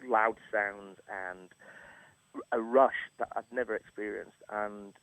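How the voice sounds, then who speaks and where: A man's voice: lowish voice, fairly even intonation, takes it slowly, a bit bright, dry recording, low-quality recording. A middle-aged man from England, a chef telling a story as a radio guest, acting out quotes and laughing often. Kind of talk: casual storytelling interview. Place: radio studio. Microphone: studio microphone.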